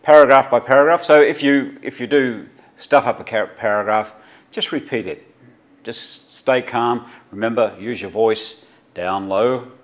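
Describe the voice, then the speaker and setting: A middle-aged Australian man, a journalism lecturer, giving an unscripted tutorial with many fillers and restarts. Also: medium pitch. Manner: halting, many fillers and restarts, practical instructions.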